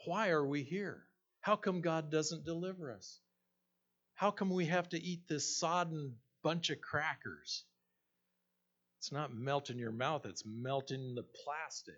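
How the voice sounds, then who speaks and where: A man's voice: a little high, a little slow, a bit bright, pitched above the performer's own voice. A man voicing a frightened woman captive in a whiny, complaining voice during a sermon. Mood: whining. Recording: dull lo-fi recording.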